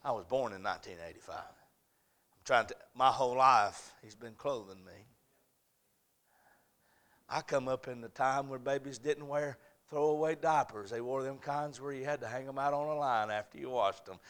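A male pastor preaching a sermon, folksy and humorous, swinging from quiet asides to shouted preaching. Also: medium pitch, moderate pace.

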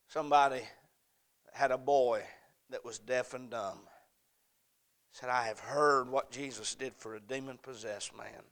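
A pastor preaching an evening sermon, rising to impassioned shouting and falling to a hushed prayer. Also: male voice, medium pitch, fairly even intonation, a little slow, long pauses. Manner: fervent preaching that swells to shouting, then drops to a hushed prayer.

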